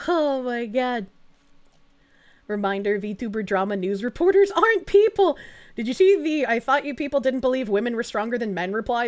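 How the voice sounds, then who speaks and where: Woman streamer, high animated voice, excitable and profane, casual live chat. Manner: excitable, profane, quick reactions with frequent laughs. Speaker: VTuber streamer.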